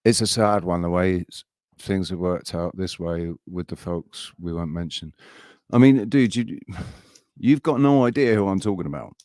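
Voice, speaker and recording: A man hosting a live stream, ranting in a heated, halting way and swearing often. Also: deep voice, a little mellow, dry recording, studio quality. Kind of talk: casual live-stream chat.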